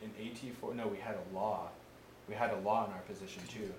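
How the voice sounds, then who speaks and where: A man's voice: fairly low pitch, brisk. A young man, a veteran, casually telling war stories, swearing often and acting out what people said. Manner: profane, animated, acts out quotes. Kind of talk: casual oral history storytelling. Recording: echoey room with faint noise.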